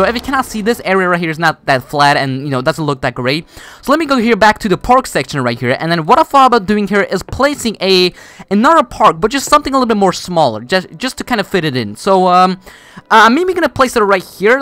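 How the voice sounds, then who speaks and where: A man's voice: high-pitched, a bit bright. A man giving casual gameplay commentary, rambling with many fillers and restarts while he builds. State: voice cracks. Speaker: gaming YouTuber.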